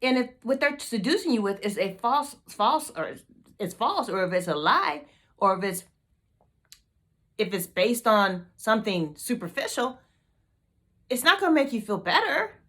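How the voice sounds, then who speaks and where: A woman's voice: a little high, very animated, unhurried, fairly bright tone. A woman hosting a motivational team meeting video, fired up and emphatic, repeating her questions to the group.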